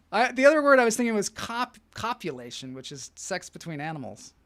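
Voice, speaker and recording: A man's voice: on the high side, very animated, a little slow, fairly bright tone, no echo. A man hosting a live online show, telling rambling comic stories and reading out the chat, often laughing at his own jokes.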